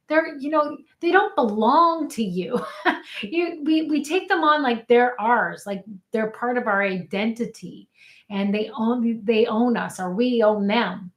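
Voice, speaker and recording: Woman, life coach, earnest, fairly high voice, questions to listeners, live teaching. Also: a bit bright. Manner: earnest, calls out questions to her audience. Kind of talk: live online coaching talk.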